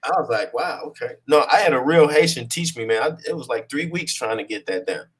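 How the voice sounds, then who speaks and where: A man's voice: mid-range voice, expressive, brisk, husky. Laid-back man talking as guest. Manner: laid-back, peppers talk with "you know what I'm saying". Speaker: actor being interviewed. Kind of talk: casual conversational interview.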